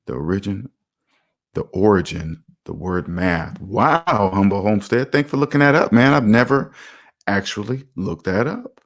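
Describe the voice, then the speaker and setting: A man hosting a finance livestream, emphatic and self-assured, talking casually and reacting to viewer comments. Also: fairly low pitch. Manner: emphatic and self-assured, lively swings in loudness. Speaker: finance channel host. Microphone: streaming mic.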